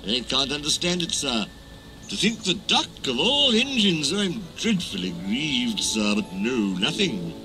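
A man voicing a sly, scheming diesel engine from a storybook in a high, shrill gloating voice, with music playing underneath. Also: wildly swooping pitch, a little slow, exaggerated voice, poor audio. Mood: oily, falsely grieved. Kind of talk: storybook character voice.

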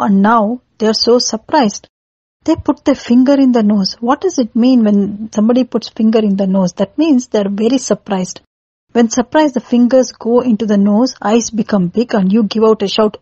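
A woman's voice: fairly high pitch, measured pace, dark tone, husky, no echo, muffled recording. Chatty woman telling an old epic. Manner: chatty, explains with everyday comparisons and acted cries. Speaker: storyteller. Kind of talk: casual storytelling narration for children.

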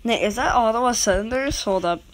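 A woman's voice: on the high side, brisk, slight background noise. A woman making a casual video who rambles and interrupts herself while talking straight to her viewers. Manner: rambling, self-interrupting, talks to viewers directly. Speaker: video creator rating goal horns. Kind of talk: casual rambling vlog talk.

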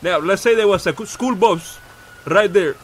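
A man's voice: high voice, moderate pace, a little hiss or hum, lightly acted. A man voicing a boastful immigrant police officer who speaks broken English and drops in Spanish words, in a role-play game. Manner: heavy put-on accent, slips into Spanish words.

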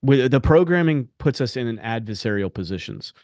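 A man hosting a candid podcast conversation, speaking with passionate conviction and blunt, unfiltered words. His voice sits at a middling pitch and sounds dry and close, with no room around it. He talks like a coach pushing his listeners. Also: lively intonation, brisk, a little mellow, no echo. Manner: passionate, blunt, swears freely. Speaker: podcast host and men's coach.

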